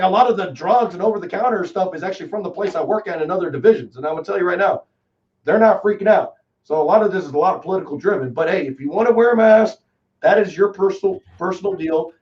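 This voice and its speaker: Fast-talking Texan man on a muffled call. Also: high voice. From Texas. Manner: rambling, animated storytelling with lots of fillers. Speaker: guest. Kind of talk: casual chat. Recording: distant, dull lo-fi call audio.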